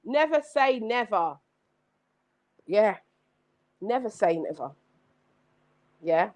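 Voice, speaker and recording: A woman hosting a live-streamed motivational talk, energetic and exclamatory, repeating her points like a preacher. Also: mid-range voice, takes it slowly. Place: home setup with several screens.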